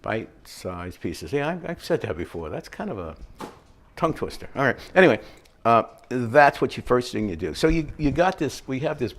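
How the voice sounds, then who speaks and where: A man hosting a home cooking show, chatting in a rambling, relaxed way as he tells stories while he cooks. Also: mid-range voice, fairly quick. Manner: relaxed, mellow. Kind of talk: casual cooking demonstration with anecdotes.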